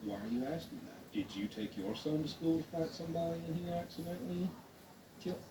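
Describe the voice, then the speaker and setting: A man's voice: a little high, lively intonation, a little fast, distant mic. Sarcastic man in a roomy, noisy room. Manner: sarcastic, incredulous. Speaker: co-host reacting to a clip. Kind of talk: casual reaction chat.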